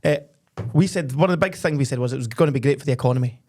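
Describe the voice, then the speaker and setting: A man's voice: medium pitch, rapid-fire, darkish tone. A young Scottish man co-hosting a football podcast, bantering and telling jokes in casual chat. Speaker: podcast co-host.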